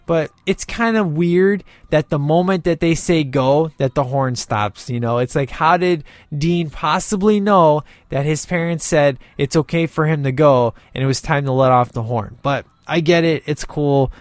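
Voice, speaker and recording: A man's voice: on the high side, normal speed, no echo. Rambling man reviewing a movie. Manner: rambling, many fillers like "you know". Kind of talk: casual video commentary.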